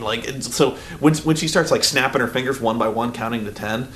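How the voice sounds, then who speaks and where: A man's voice: medium pitch, brisk, hardly any pauses, fairly bright tone. Male reviewer, mid-range voice, casual rambling rant with filler words and profanity, faint background noise. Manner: rambling and loose, full of "like" and swearing. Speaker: film reviewer. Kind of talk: casual spoken movie review.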